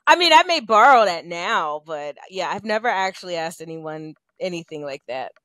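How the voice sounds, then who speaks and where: Woman, radio co-host, lowish voice, dry close sound, relaxed casual chat, laughs often. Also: measured pace, dry recording.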